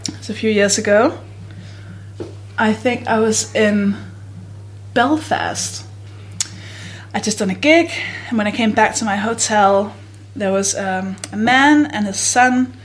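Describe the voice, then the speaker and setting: A woman co-hosting a comedy podcast, telling stories in a casual, giggly way and bursting into shouted quotes. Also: mid-range voice, slow pace, a little hiss or hum. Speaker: podcast co-host.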